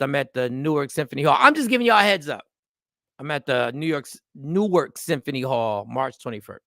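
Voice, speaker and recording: A man in his forties hosting a casual live show, animated and rambling, often repeating phrases. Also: mid-range voice, vocal fry, dry recording, clean studio sound. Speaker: comedian and show host. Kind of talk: casual live-stream talk.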